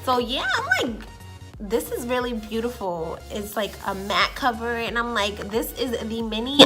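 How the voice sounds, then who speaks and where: A woman vlogging a makeup first impression, gushing and excitable, swearing casually and sometimes dropping to an awed whisper. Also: a little high, a little slow, over loud music. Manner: drops to an awed whisper over colors. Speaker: beauty vlogger.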